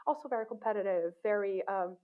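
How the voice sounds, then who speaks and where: A woman academic being interviewed, talking in a thoughtful, relaxed way with many fillers and restarts. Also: medium pitch, quick pace. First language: not English. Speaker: assistant professor, guest. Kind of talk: casual interview talk. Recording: tinny phone-like line.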